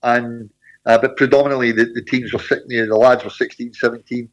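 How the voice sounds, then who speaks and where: A man's voice: medium pitch, steady tone, quick pace, low-quality recording. A man talking football on a panel, rambling and repeating himself. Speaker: panel guest.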